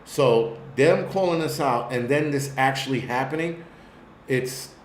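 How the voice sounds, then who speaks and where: A man with a New York accent hosts a live-stream commentary, his mid-range voice a little slow as he rambles, curses, and speaks bluntly. There's an echoey room sound and slight background noise.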